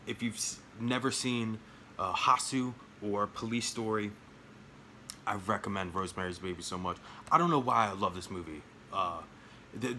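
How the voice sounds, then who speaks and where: Bright-voiced excitable male vlogger. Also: on the low side, a little hiss or hum. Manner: excited, rambling, talks to his dog. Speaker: film collector vlogger. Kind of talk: casual collection showcase chat.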